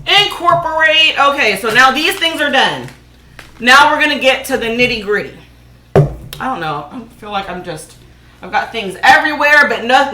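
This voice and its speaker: A woman's voice: a little high, sharp tone. A woman making laundry soap at home and chatting casually to viewers, joking as she works. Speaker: DIY vlogger. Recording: echoey room.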